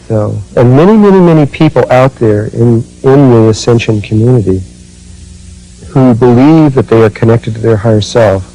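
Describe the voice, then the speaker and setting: Guy giving a slow spiritual talk, warm mellow voice, lots of uhs and restarts. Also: medium pitch, creaky, rough recording. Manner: slow, halting, with many fillers and restarts. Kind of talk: spiritual talk, personal recollection.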